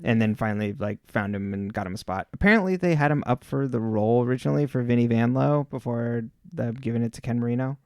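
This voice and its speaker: A man's voice: medium pitch, quick pace, hardly any pauses, clean tone, dry recording, studio quality. Laid-back man co-hosting a podcast. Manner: rambling, laid-back, many fillers. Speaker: podcast co-host. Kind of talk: casual chat.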